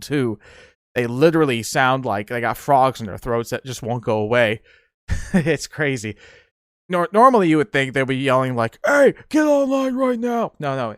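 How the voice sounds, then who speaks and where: A young man tells boot camp stories on his podcast, animated and quick to laugh. His voice sits a little high and comes through smooth and clean. The close mic sounds dry, with no room around it. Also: no echo. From United States. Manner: animated, laughs often, acts out yelling drill instructors. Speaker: podcast host. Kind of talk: casual solo storytelling.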